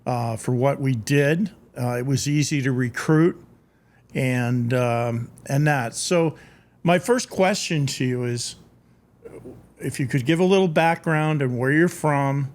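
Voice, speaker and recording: A man's voice: mid-range voice, takes it slowly. A man hosting an interview, easygoing and using filler words as he asks a question. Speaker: podcast host, interviewer.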